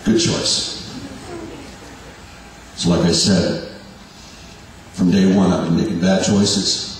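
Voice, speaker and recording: A man in his forties giving a halting, self-deprecating personal testimony to a church congregation. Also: low-pitched, little pitch movement. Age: 40s. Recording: echoey hall from far off, faint hum.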